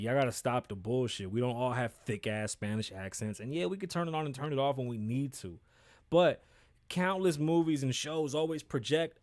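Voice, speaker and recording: A man's voice: on the high side, a little mellow, dry recording, studio quality. A man hosting his own podcast, talking in a blunt, profane and rambling way with frequent asides. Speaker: podcast host. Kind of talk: casual solo commentary.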